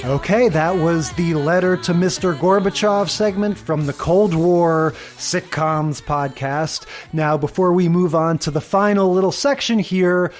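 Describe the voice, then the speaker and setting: A man's voice: high-pitched, unhurried, few pauses, soft background music. A man co-hosting a podcast, chatting casually and wryly, recapping episodes with joking asides. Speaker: podcast co-host. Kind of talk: casual chat.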